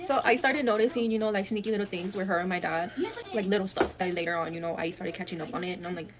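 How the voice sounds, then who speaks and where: A woman rattles off a family drama at a quick clip, swearing freely and slipping Spanish phrases into her English. Her delivery is blunt and unfiltered, a storytime monologue. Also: on the low side, fairly even intonation, noisy background.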